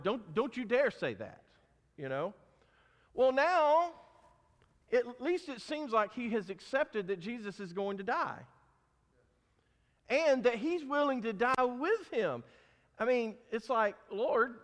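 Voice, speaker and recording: High-voiced man preaching in an echoing hall. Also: a bit bright. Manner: emphatic, asks the congregation questions. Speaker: pastor. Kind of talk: sermon.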